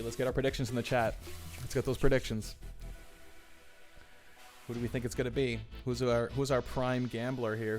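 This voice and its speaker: A man hosting a livestream, chatty and excitable, often repeating his phrases as he reads the chat. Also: medium pitch. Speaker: livestream host running a tournament draw. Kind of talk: live-stream commentary reading chat.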